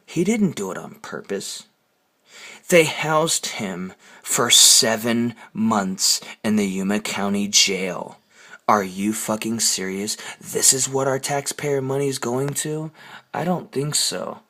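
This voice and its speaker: A man's voice: fairly low pitch, takes it slowly, bright, forceful tone. Man ranting in a heated, profane voice. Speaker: vlogger. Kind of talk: angry ranting storytelling.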